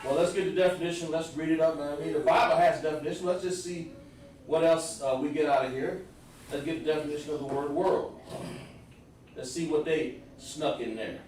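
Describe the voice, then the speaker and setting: Fairly quick and fairly even in intonation, with a fairly high pitch and darkish tone, a religious teacher explains scripture words step by step on a live stream, talking directly to his listeners. The mic is distant, the room very echoey, and there's slight background noise.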